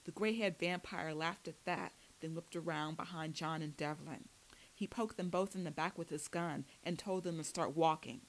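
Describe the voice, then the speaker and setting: A woman reading a first-person novel aloud as an audiobook narrator, with steady storytelling delivery. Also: fairly low pitch, normal speed, rough recording.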